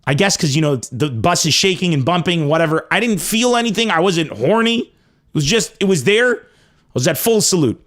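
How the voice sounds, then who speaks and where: A man from Lebanon telling a crude comic story with animated, profane emphasis. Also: sits high, brisk. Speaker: comedian host. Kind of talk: comedic storytelling.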